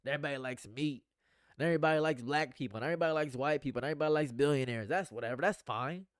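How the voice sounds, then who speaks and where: A man's voice: fairly high pitch, racing, no echo. Guy streaming, earnest rambly talk, repeats stuff a lot, dry close mic. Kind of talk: live stream monologue.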